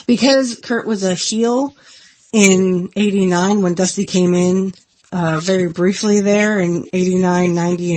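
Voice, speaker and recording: A woman's voice: fairly low pitch, darkish tone. A woman hosting her own podcast in an earnest, rambling, self-deprecating casual chat. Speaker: podcast host.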